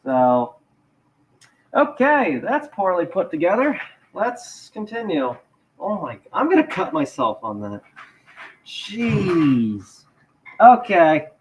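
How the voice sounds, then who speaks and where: A man's voice: high voice, big pitch swings, a little slow, slight background noise, low-quality recording. A man hosting a casual live stream, rambling and joking at his own expense while he sets up and walks through a website. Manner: rambling, self-deprecating, talks while fixing gear. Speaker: livestream host.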